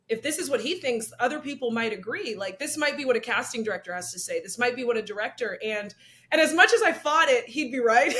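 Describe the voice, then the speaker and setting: Young woman, interview guest, high bright voice, animated storyteller who laughs a lot. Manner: animated, laughs often, acts out quoted voices. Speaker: actress and comedian guest. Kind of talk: candid interview talk.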